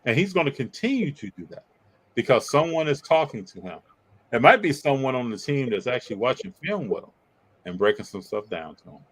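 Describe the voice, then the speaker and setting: A man's voice: fairly quick, rough recording. Man, live-stream co-host, casual and teasing, mid-range voice. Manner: animated, teasing, pitch jumps up when joking. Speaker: co-host reading live chat.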